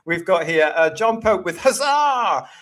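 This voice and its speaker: A man's voice: a little high, animated, normal speed, fairly bright tone. Upbeat British man hosting a livestream. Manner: upbeat, reading out chat messages. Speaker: host. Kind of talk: live-streamed fan show.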